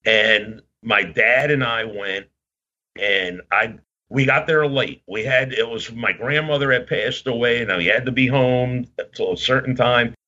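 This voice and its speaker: A man's voice: medium pitch, a little slow, bright, forceful tone. Rambling man telling wrestling stories. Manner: rambling, laughing, acts out quotes. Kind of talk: casual storytelling chat. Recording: dull lo-fi sound.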